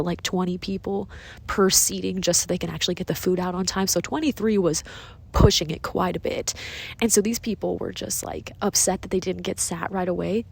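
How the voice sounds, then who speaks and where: A woman's voice: lowish voice, gravelly, slightly rough. A young woman venting in a casual vlog, chatty and sarcastic with frequent swearing, filmed outdoors in cold woods on a handheld phone. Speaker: vlogger. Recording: faint outdoor ambience.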